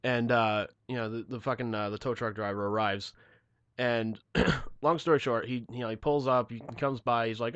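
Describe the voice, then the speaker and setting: A man's voice: mid-range voice, steady tone, moderate pace, fairly bright tone, smooth, no room sound, highs cut off. A man hosting a podcast, telling a story in casual chat with plenty of swearing and exasperation. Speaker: podcast host.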